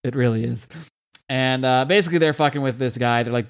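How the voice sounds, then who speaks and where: A man's voice: mid-range voice, brisk, clear, resonant tone. A man hosting a podcast, casually recapping a comic story and reading out its dialogue in loose voices, with frequent swearing. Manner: chatty, swears, acts out quotes loosely.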